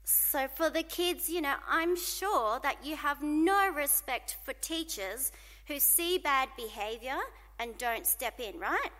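A woman preaching a sermon in an animated way, asking the congregation to call out responses, in a church hall. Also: high voice, slow.

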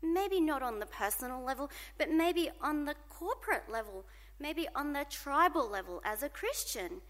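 A woman preaching a sermon in an animated way, asking the congregation to call out responses, in a church hall. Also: high voice, moderate pace.

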